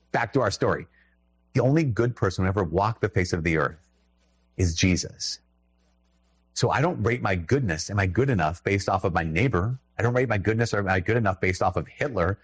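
Husky low-voiced man preaching casually. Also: brisk, no room sound. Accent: Minnesotan. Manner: conversational and emphatic, with restarts and little laughs. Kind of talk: sermon.

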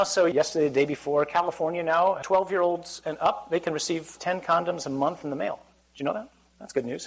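A Catholic priest with a high, fairly bright voice preaches to a live audience in a church or hall, keeping it conversational, joking, and frequently questioning the crowd. The recording quality is low.

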